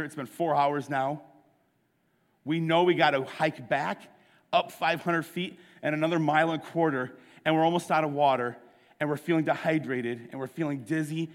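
A middle-aged man preaches in a storytelling style and acts out each line of dialogue with energy. His voice sits fairly high for a man. Long reverb fills the hall around him. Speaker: pastor. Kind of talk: sermon storytelling.

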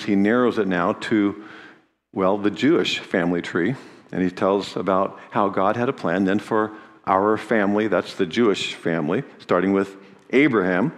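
A man's voice: fairly low pitch, big-room sound. A man preaching a sermon in an earnest teaching manner, his voice rising in volume on key phrases.

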